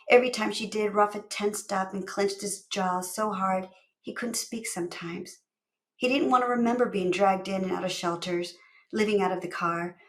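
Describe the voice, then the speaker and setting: A woman author reads her own novel aloud in expressive storytelling style. Her pitch sits in a plain middle range. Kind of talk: audiobook-style narration.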